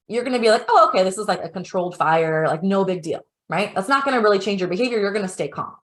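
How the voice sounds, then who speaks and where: A young woman presenting a parenting webinar in an informal teaching style. She is a parent herself and talks in a chatty way, full of "like" and "you know". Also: medium pitch.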